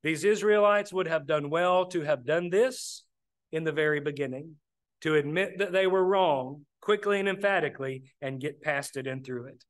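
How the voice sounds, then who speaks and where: A man's voice: on the high side, normal speed. A man preaching a sermon, plainspoken, often calling his listeners "brethren". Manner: plainspoken, addresses the congregation as brethren.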